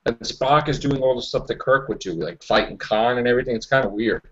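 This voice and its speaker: A man hosting a casual online podcast chat, relaxed and hesitant, with many fillers. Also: mid-range voice, a little fast. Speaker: podcast host. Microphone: online call mic. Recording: dull lo-fi online call audio.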